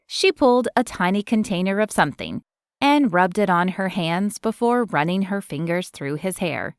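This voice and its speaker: A woman narrating an audiobook in an expressive storytelling manner. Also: medium pitch, moderate pace, clear, resonant tone, dry recording, clean studio sound.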